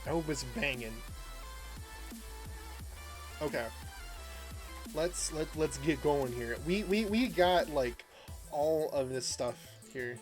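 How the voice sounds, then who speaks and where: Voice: medium pitch, takes it slowly, pauses often, music in the background. A game streamer chatting casually and rambling through a story, laughing often and greeting viewers by name. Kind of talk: casual livestream chat while gaming.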